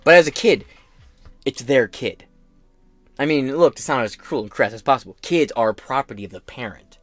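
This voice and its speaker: A man's voice: mid-range voice, lively intonation, moderate pace, no echo, soft background music. A man hosting a podcast who rants brashly and sarcastically with constant swearing. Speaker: podcast host. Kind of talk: crude political rant.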